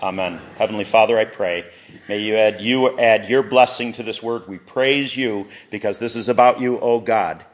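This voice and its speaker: A man's voice: on the low side, normal speed, lo-fi sound. A middle-aged male pastor giving a conversational sermon, with chuckles and asides.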